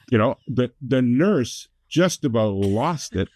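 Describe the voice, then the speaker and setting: A man's voice: mid-range voice, animated, mellow, no echo. A middle-aged man from Canada, telling his life story as a talk-show guest with self-deprecating jokes. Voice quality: jokey self-deprecating storyteller, quick asides. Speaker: guest, motivational speaker.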